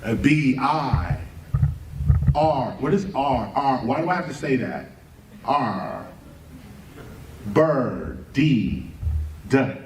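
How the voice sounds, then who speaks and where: A man with a medium-pitched voice gives an impassioned lecture on a live stream, speaking very slowly with frequent pauses. Animated, he fires rhetorical questions, spells words out letter by letter, and often breaks into laughter mid-sentence. He sits back from the mic in an echoey room, with a little hiss or hum.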